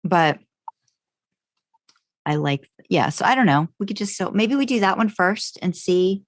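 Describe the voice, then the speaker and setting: An American woman co-hosting a podcast, chatting casually with lots of halting restarts and fillers. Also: fairly low pitch, lively intonation, dry recording, studio quality. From United States. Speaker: podcast co-host. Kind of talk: casual chat between podcast co-hosts.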